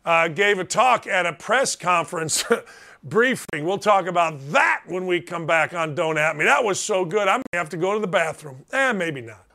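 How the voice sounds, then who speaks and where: A man hosting a sports talk show, brash and excitable, often raising his voice for emphasis. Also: sits high, moderate pace, vocal fry. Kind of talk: loud casual sports talk.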